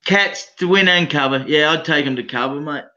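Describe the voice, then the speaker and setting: A man with an Australian accent giving blunt, excitable betting picks in casual chat, calling everyone mate and swearing freely. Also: on the high side, fairly quick, lo-fi sound. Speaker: guest betting analyst.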